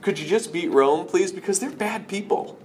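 A man's voice: high voice, moderate pace, a little mellow, a little hiss or hum, voice pushed up, close to an everyday voice. A man preaching who voices an agitated male disciple, urging and protesting in an insistent tone. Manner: urgent, protesting.

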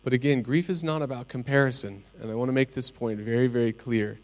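A middle-aged man preaching a sermon, speaking earnestly and telling personal stories with pauses. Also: mid-range voice, steady tone. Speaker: pastor.

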